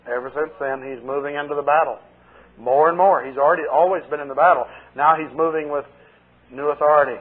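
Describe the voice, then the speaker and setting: A man's voice: fairly high pitch, steady tone, a little fast, slightly rough. A male pastor preaching in a chatty, joking way and telling stories with acted dialogue, heard on a tinny lo-fi 1980 tape. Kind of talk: sermon with storytelling.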